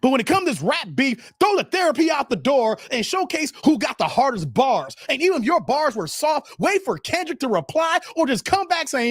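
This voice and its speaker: A man hosts a live stream and talks straight to his chat in a fired-up, casual rant. His voice sits high and swings wide as he gets worked up. The sound is dry and close, with no room around it. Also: very animated, a little fast, hardly any pauses, no echo. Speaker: livestream host.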